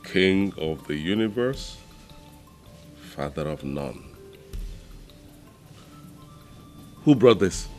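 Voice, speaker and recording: A man's voice: fairly low pitch, sing-song, measured pace, soft background music. An actor playing a raging childless king. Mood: bitter. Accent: Nigerian. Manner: explodes into shouting rage. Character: proud bitter king, childless, quick to rage.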